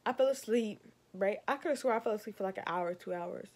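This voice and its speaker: A woman's voice: mid-range voice, fast, darkish tone. A young woman rants through a storytime for her vlog. She keeps calling her viewers y'all and sounds exasperated as she tells it. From Savannah, Georgia. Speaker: vlogger. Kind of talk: storytime rant.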